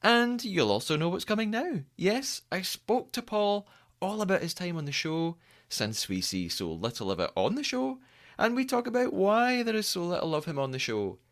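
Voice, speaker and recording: A man's voice: high voice, big pitch swings, normal speed, a bit bright. A man hosting a podcast, chatting casually and laughing often with his guest. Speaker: podcast host. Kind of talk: casual interview chat.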